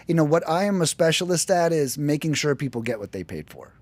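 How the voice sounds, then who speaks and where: An American man telling his work story in a casual podcast chat, animated and profane, often acting out quoted voices. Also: a little high, a little fast, no echo. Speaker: podcast guest, lead generation business owner.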